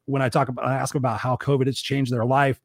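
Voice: medium pitch, flat delivery, quick pace, dry recording, clean studio sound. A podcast host interviewing a guest, thinking aloud in long rambling questions with restarts. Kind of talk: casual interview.

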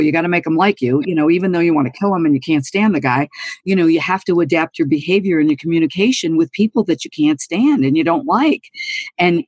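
Woman in her sixties, husky voice, dry close sound, earnest interview guest. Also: on the low side, darkish tone, no room sound. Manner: earnest and emphatic, candid. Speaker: guest, former college golfer. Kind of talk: interview storytelling.

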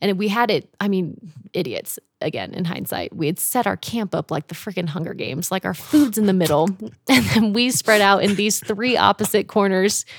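A young woman telling a camping story in casual chat, animated, laughing often and swearing freely. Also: mid-range voice, moderate pace, no echo, studio quality.

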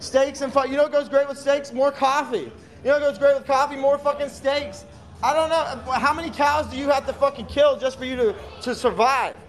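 A man's voice: very high voice, fairly even intonation, a little fast. A man co-hosting a casual live chat, ranting sarcastically and swearing a lot. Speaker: co-host.

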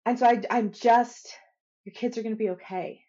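A woman's voice: fairly high pitch, steady tone, normal speed, dark tone, slightly rough, lo-fi sound. Emotional woman in her forties. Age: 40s. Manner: emotional storyteller, acts out dialogue. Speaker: podcast guest. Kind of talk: casual interview chat.

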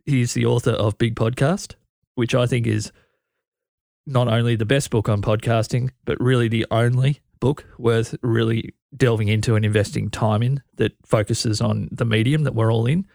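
A man hosting a podcast, talking in a relaxed, rambling way with a morning voice. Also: mid-range voice, normal speed, creaky, no room sound, clean studio sound. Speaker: podcast host. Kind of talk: casual interview intro.

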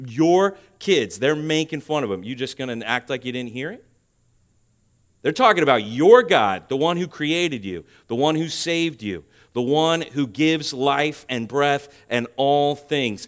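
Male pastor, sermon delivery, emphatic swells, mid-pitched voice. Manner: emphatic preaching, rising and loud on key points; asks the congregation "okay?" to check understanding.

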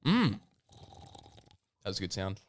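A man's voice: low voice, very animated, unhurried, background noise. A young man, a podcast co-host in casual chat, laid-back and joking, laughing often. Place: home room. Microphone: podcast mic.

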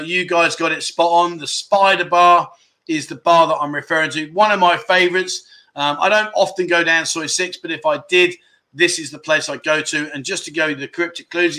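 A man's voice: on the high side, sharp tone. A man hosting a casual livestream quiz, chatting and teasing viewers as he reads their comments aloud. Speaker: livestream host.

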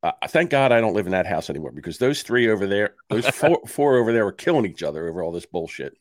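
Animated man in his sixties. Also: lowish voice, quick pace, dry recording, clean studio sound. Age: 60s. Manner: animated storyteller, swears, acts out both sides of phone calls. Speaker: podcast co-host. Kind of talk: casual chat.

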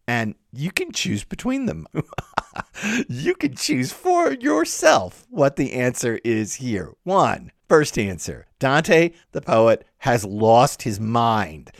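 Animated man lecturing, lively pitch. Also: no room sound, studio quality. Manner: animated, incredulous rhetorical questioning. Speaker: literature lecturer. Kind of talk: explanatory lecture.

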